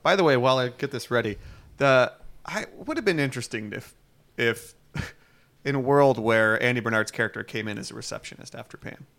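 A man's voice: mid-range voice, brisk, creaky, fairly bright tone. A man co-hosting a casual podcast who runs the trivia and drifts into loose, rambling asides. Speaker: podcast co-host running trivia. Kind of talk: casual chat.

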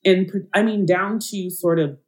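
A woman's voice: on the low side, normal speed, a little mellow. A woman guest on a podcast, chatting casually and animatedly, laughing often and using slang. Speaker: guest writer and producer.

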